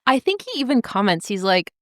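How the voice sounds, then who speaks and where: A woman's voice: mid-range voice, big pitch swings, a little fast, a bit bright, no echo, studio quality. A woman co-hosting a podcast, gushing and giggling while discussing a novel. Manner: giggly, gushing, lots of fillers. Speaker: podcast co-host. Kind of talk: casual book discussion.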